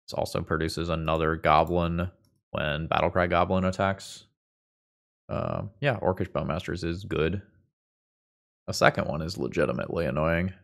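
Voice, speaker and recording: A man's voice: low-pitched, gravelly, a bit bright. A young man with a congested voice giving casual commentary on a card game as he plays, thinking aloud with dry quips. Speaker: Magic gameplay video host.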